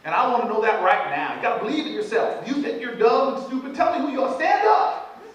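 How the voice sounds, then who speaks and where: Pushy stern schoolteacher lady, put on by a man, raised voice, boomy hall, distant. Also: sing-song, fast talker. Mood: hectoring. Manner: hectoring, pushy. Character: stern female schoolteacher scolding a class. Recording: echoey hall from far off.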